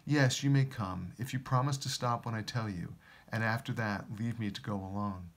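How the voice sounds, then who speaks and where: A man voicing a sorrowful, gentle great male lion while reading a storybook aloud in a devotional. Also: on the low side, moderate pace, close to an everyday voice. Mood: sad, gentle.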